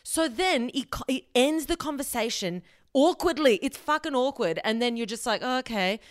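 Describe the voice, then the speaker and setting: A woman hosting a podcast, giving blunt, animated advice and swearing freely. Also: sits high, moderate pace, no room sound, studio quality. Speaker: podcast host. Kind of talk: casual advice monologue.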